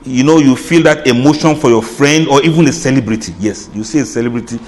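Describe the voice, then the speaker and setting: A man's voice: medium pitch, quick pace. Man lecturing in an echoing hall. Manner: humorous, chatty asides, laughs at own jokes. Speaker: Islamic lecturer. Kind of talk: lecture to an audience.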